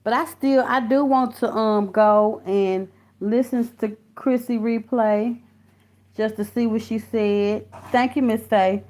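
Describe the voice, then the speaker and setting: A woman's voice: fairly high pitch, steady tone, slow pace, a little mellow. A woman hosting a casual live stream from her phone or computer, greeting viewers by name and talking bluntly with lots of cursing. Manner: blunt and profane, calling viewers honey and baby. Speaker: livestream host reading viewer comments. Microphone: phone or computer mic.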